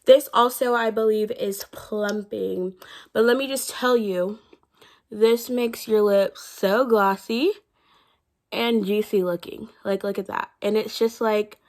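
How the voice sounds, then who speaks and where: A woman's voice: mid-range voice, fairly even intonation, slow pace. A young woman vlogger chatting casually to her viewers, slightly out of breath, rambling with fillers and restarts. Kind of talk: casual chat.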